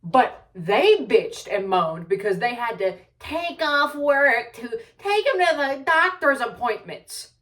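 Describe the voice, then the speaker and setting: A woman's voice: fairly high pitch, big pitch swings, takes it slowly, few pauses, a bit bright, distant mic, rough recording. Young woman ranting, heavy swearing. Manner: heavy swearing, exasperated, rambling asides. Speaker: vlogger. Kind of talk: casual storytelling rant.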